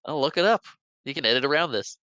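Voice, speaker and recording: A man's voice: fairly high pitch, expressive, quick pace, sharp tone, no echo, highs cut off. A man co-hosting a podcast, chatting casually about a movie, often repeating words as he restarts and chuckling along. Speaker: podcast co-host. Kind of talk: casual movie recap chat.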